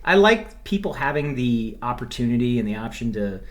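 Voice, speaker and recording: A young man co-hosts a podcast in a middle-pitched voice, trading jokes and quick asides in loose, casual chat. He leans into playful banter. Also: big pitch swings, a little hiss or hum. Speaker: podcast co-host.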